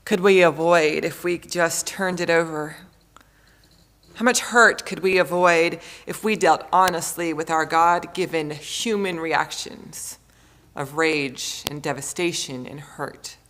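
Woman pastor, thirties, low-ish voice, slow deliberate sermon delivery. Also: a bit bright, slight background noise. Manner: slow, measured preaching with emphatic repetition.

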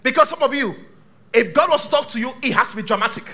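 A male pastor delivers a dramatic sermon to a live church congregation, swinging between shouts and hushed tones. His voice is very high, fast and lively in intonation.

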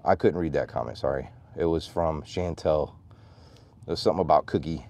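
A man livestreaming from his farm, chatting with viewers and calling to his animals in a high voice, a little out of breath. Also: brisk, darkish tone. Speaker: vlogger, farm owner. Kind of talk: casual livestream vlog. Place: outdoors on a farm.

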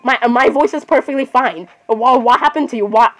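A woman's voice: high voice, moderate pace, soft background music, low-quality recording. A woman chatting casually while playing a game, often apologizing and saying "literally". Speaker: gamer. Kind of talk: casual gameplay commentary.

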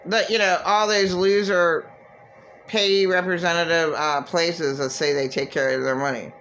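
A woman's voice: lowish voice, fairly even intonation, unhurried, fairly bright tone, slight background noise. A woman vlogger venting in a rambling, agitated, profane monologue.

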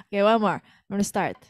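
A woman's voice: mid-range voice, no echo, clean studio sound. A woman teaching an online singing lesson over a video call, patiently coaching her student through a song's lines. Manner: patient, demonstrates lines by speaking and singing them.

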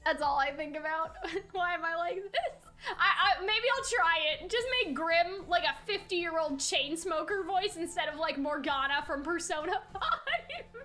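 Giggly young woman streamer, lively swooping voice, faint music in the back. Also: very high-pitched, measured pace. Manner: giggly, rambling, animated. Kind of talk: casual game reaction.

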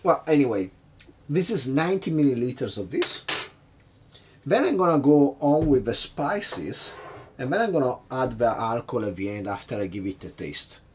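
A man's voice: mid-range voice, lively intonation, moderate pace, darkish tone, breathy edge. A man hosting a casual cocktail-making vlog at his home bar, chatty and hesitant, nervously poking fun at himself. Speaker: home bartender host.

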